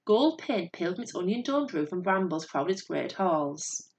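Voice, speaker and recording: A woman narrating a story in a steady, measured voice. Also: lowish voice, slight background noise.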